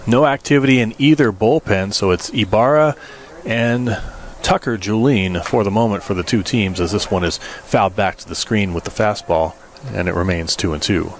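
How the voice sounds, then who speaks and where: A man calling baseball play-by-play, low and relaxed for stats, then climbing sharply in pitch and volume on big hits. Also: normal speed, slight background noise. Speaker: play-by-play announcer.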